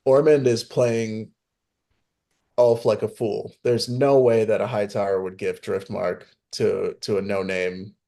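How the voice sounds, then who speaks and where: A man's voice: fairly low pitch, level tone, unhurried, vocal fry, warm tone. A man co-hosting a podcast in casual chat, giving opinions and explaining lore. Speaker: podcast co-host.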